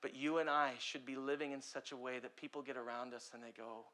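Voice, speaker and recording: A young man delivers a sermon as a pastor, his voice bright and forward. He preaches with passion, surging loud on urgent points and dropping low and hushed on others. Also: steady tone, quick pace. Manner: impassioned preaching with big swings between loud and quiet.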